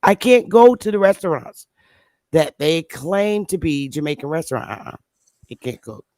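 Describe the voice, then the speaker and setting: A woman's voice: sits low, sing-song, moderate pace, darkish tone, no room sound. A woman hosting a casual chat, speaking bluntly and emphatically and repeating her points. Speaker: show host.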